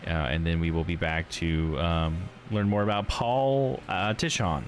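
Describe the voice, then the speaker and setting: Casting: male streamer, casual and animated, faint music under his voice. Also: sits low, unhurried. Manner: chatty, laughs at own slips. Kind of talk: casual live game commentary.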